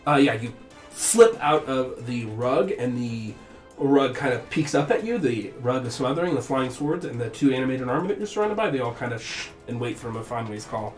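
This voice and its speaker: A man narrating as game master in a tabletop game, pausing often with fillers. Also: mid-range voice, expressive, echoey room, faint music behind. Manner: halting, hesitant, many fillers.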